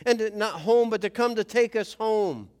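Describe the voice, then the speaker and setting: Pastor, male, high tenor register, chatty sermon delivery with acted-out quotes. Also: normal speed, a little mellow, clear, resonant tone. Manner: conversational, acts out quoted voices.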